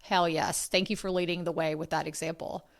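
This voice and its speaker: A woman with a fairly low, fairly flat voice hosts a podcast, speaking briskly. Her casual talk is earnest and chatty, with friendly asides.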